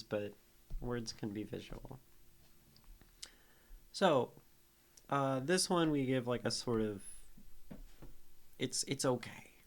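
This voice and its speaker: A man streaming live, slowly thinking aloud as he breaks down a poem, sounding out its syllables. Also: medium pitch, fairly bright tone. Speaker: streamer analyzing poetry. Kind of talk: casual live-stream teaching.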